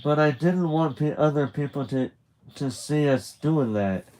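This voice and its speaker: A man's voice: on the high side, a little slow, darkish tone, voice pushed up, close to an everyday voice, rough recording. A man reading aloud, voicing a flustered, emotional teenage boy who apologizes and confides in a raised voice.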